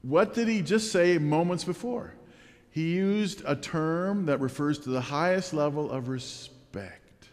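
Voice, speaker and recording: A man's voice: fairly high pitch, measured pace, in a large hall. A man preaching a sermon as a pastor, asking the congregation rhetorical questions.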